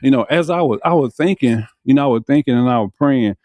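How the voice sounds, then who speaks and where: A man's voice: mid-range voice, fast talker, darkish tone, no echo. A man hosting a faith podcast, speaking fervently with many repeated "you know"s. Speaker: podcast host. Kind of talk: casual faith talk.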